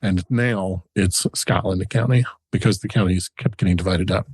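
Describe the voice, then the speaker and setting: A lower-pitched man with a husky tone tells a history story in casual podcast chat, chuckling often as he goes. The sound is dry and close to the mic, with no room around it. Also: normal speed, darkish tone, dry recording. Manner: chatty researched storytelling, frequent chuckles. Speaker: podcast co-host.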